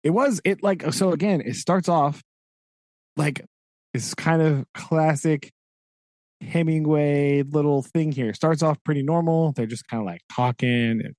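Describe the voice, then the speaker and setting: A man's voice: a little high, a little slow, a little mellow, no echo. Guy on a podcast, rambly, keeps saying like and right, dead dry sound. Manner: rambling, says "like" and "right?" often, laughs at his own asides. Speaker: podcast co-host. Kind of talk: casual book discussion.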